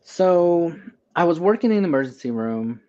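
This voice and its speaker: A man's voice: fairly high pitch, moderate pace. A man, an emergency doctor, telling personal stories as a guest in a casual interview and acting out the dialogue. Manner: animated storyteller, acts out quoted dialogue. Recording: slightly dull lo-fi sound.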